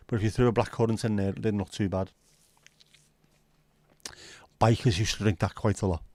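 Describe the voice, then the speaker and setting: A man's voice: on the low side, fairly even intonation, fairly quick, pauses often, a little mellow, dry recording. A middle-aged man, hosting a casual home livestream, chatting and reading out viewer comments with a sweary, easygoing manner. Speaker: livestream host. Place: at home, window nearby.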